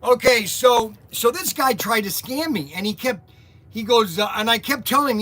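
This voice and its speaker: A man hosting a casual livestream from a warehouse workspace, telling rambling, animated stories with lots of jokes. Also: extremely high pitch, normal speed. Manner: rambling, animated storytelling, joking. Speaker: host of a toy and hobby shop livestream.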